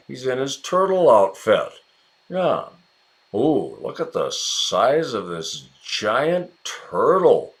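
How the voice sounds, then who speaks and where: A man with an American accent teaching English in a relaxed, chatty way, encouraging viewers and calling them by name. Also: mid-range voice. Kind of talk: casual ESL lesson narration.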